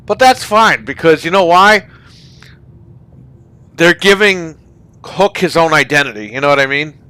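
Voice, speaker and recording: A man with a somewhat high, bright voice rants on a casual gaming party chat. He curses freely and keeps asking if you know what he means. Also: lively intonation, unhurried, smooth. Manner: profane, ranting about wrestling. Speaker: podcast host.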